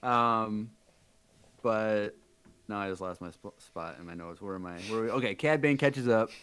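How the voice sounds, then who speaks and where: A man with a low, smooth and clear voice talks through a show recap in a loose, rambling way. He keeps losing his place in his notes and filling the gaps with "like" and "blah, blah." It sounds like a casual home podcast. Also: normal speed, a bit bright. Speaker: podcast co-host recapping the episode. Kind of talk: casual chat.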